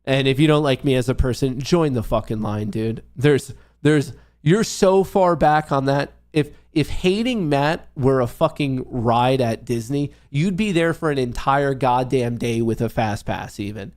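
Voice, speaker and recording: A man's voice: mid-range voice, a little slow, few pauses, darkish tone. A young man hosting a trading livestream, ranting heatedly with constant swearing and mocking sarcasm. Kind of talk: profane ranting monologue.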